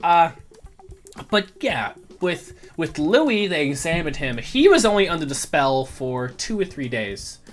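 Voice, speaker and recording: A relaxed game master describing scenes in a loose, filler-heavy ramble. The voice sits at a middling pitch, with soft music faintly under it. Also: a little slow. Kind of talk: casual tabletop game narration.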